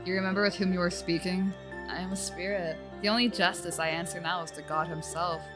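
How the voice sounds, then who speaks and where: A woman's voice: fairly low pitch, fairly even intonation, brisk, close to an everyday voice. A woman voicing a scheming ancient spirit that possesses a young woman, speaking formally and condescendingly. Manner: formal, condescending, archaic phrasing. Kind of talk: voicing game dialogue on a livestream. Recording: game music playing loudly behind. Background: game music.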